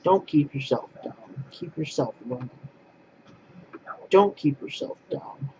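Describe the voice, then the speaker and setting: A man's voice: a little high, takes it slowly, dark tone, highs cut off, a little hiss or hum. A man ranting casually to camera in a vlog, blunt and repetitive, often restarting his phrases. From Poland. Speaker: vlogger.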